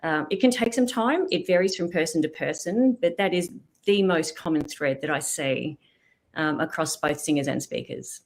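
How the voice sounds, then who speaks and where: A deep-voiced middle-aged woman talks at normal speed as a guest voice specialist. In this expert interview, she explains vocal technique and demonstrates it.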